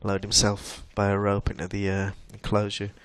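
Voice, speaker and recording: A man's voice: fairly low pitch, completely flat delivery, a little fast, clear, resonant tone, no echo. A man co-hosting a casual podcast chat, retelling odd news stories with a laugh. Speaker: podcast co-host.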